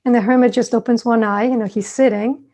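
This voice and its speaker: A woman meditation teacher giving a dharma talk, telling stories in a relaxed, conversational way with thoughtful asides. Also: fairly high pitch, fast talker.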